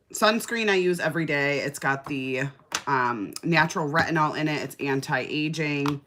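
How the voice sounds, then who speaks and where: A woman's voice: deep voice, pushed and bright. A woman, chatting casually on a live stream, answering comments and gushing about skincare sales. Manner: chatty, gushing, fillers like "like" and "oh my gosh".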